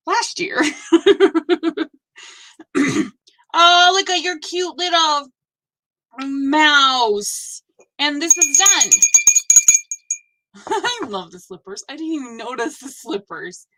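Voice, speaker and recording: A fifty-something woman hosts a relaxed live stream, her voice sitting a touch high. She talks unhurriedly, and every remark is an effusive, gushing exclamation of delight. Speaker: host of a live stitching show. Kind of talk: casual live-stream chat.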